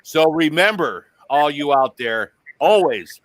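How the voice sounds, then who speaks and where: This man hosts a casual live stream and talks in a crude, profane, joking way. His voice sits a bit high and sounds bright and forceful. The sound is close and dry. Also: expressive, moderate pace, no echo. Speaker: host.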